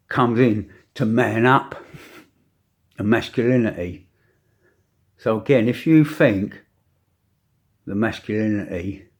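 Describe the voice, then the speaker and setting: An older man with grandchildren giving a preachy opinion rant to camera, with dramatic pauses and emphatic repetition. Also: medium pitch, darkish tone. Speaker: vlogger.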